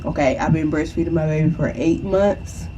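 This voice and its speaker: A woman's voice: low-pitched, moderate pace, noisy background. A young woman chatting casually and reassuringly to the viewer, often checking in with "okay?". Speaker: vlogger. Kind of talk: casual advice chat.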